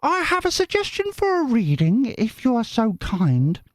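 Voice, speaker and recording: A man doing a chirpy falsetto lady fan. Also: wildly swooping pitch, normal speed, no echo, exaggerated voice. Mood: sing-song. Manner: high sing-song falsetto reading. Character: chirpy female viewer, fan message.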